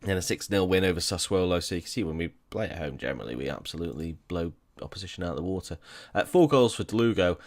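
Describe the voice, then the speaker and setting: Brief: deep-voiced gaming commentator, chatty, wry, self-correcting. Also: male voice, animated, fast. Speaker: gaming YouTuber. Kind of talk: casual game commentary.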